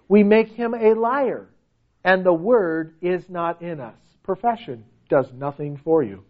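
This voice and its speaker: A man's voice: animated, a little slow, dull audio. A man preaching a sermon with emphasis, asking the listeners question after question. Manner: emphatic, rhetorical questions, pitch swings widely.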